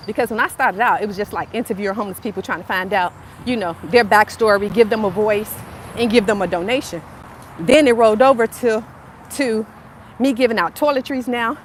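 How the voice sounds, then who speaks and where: A woman's voice: mid-range voice, a little fast. A woman in her fifties with a Southern US accent, hosting a casual motivational livestream outdoors on a phone and talking straight to her viewers, repeating herself as she goes. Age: 50s. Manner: chatty, repeats herself, addresses viewers directly. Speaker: channel host. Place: outdoors on a narrow sidewalk by a road. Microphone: phone propped up. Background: faint passing traffic.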